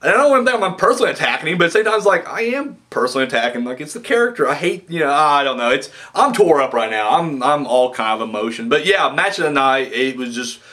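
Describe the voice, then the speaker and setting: A man giving a casual, rambling wrestling review that veers from low muttering into excited, profane outbursts. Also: fast talker, few pauses.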